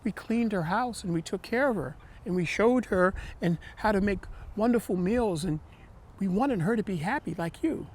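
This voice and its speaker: A man's voice: sits high, lively intonation, moderate pace, darkish tone, voice pushed up. A man voicing kind magic gourd children in a told folktale, speaking in an eager, earnest way.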